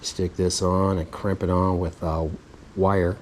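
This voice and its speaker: Guy with a lowish voice rambling and cussing through a bike fix, a bit of hiss behind him. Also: level tone, takes it slowly, low-quality recording. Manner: rambling, muttering to himself, swears casually. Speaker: vlogger. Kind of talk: casual how-to vlog.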